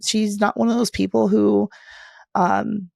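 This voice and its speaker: A woman in her thirties co-hosting a podcast, chatting casually in an animated, storytelling way. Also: medium pitch, unhurried, creaky, no room sound, studio quality. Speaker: podcast co-host. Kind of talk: casual chat.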